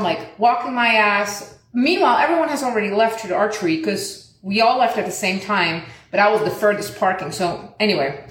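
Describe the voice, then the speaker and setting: A woman's voice: roomy sound, a little hiss or hum. A young woman telling a casual story and acting out the quoted lines, swearing often. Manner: animated, acts out quoted lines in higher pitch, swears often.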